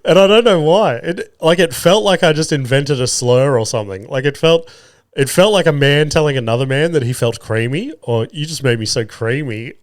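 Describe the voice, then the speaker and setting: A man in his thirties hosts a solo podcast, telling rambling, crude stories and laughing at his own jokes. His voice is on the high side at a moderate pace, recorded with studio quality and no echo.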